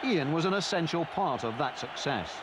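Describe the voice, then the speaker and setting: Guy narrating a sports doc, really animated delivery, slightly high voice, noisy background. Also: normal speed, crowd noise. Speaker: documentary narrator. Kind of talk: scripted narration.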